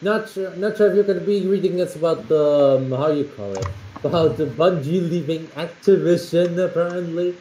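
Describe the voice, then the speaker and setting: A man's voice: a little high, moderate pace, dark tone, echoey room, slight background noise, poor audio. A man on a livestream as a guest, speaking while eating, a bit mumbly. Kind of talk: casual livestream chat.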